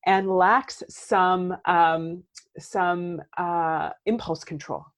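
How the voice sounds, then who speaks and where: Woman in her thirties, lower voice, therapist-coach guest. Animated, conversational, keeps asking "right?". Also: extremely slow. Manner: animated, says "right?" often, acts out quoted outbursts. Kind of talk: casual podcast conversation.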